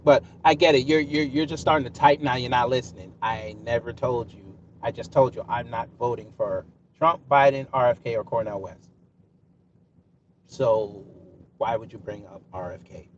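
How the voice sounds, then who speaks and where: A man's voice: mid-range voice, normal speed, far from the mic, highs cut off, a little hiss or hum. A man hosting a casual live stream, talking straight to his chat in a combative, sarcastic way. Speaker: livestream host.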